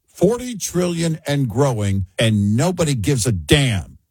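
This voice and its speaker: A man's voice: big pitch swings, measured pace, slightly rough, no echo. A man hosting a political talk show, frustrated and emphatic in heated commentary. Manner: frustrated, emphatic, swings between low drawl and sharp outbursts.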